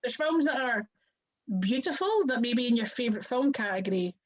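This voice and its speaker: A woman's voice: on the high side, lively intonation, brisk. A Scottish woman wrestler chatting as an interview guest, rambling and full of "like" fillers. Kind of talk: casual interview chat. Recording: muffled lo-fi audio.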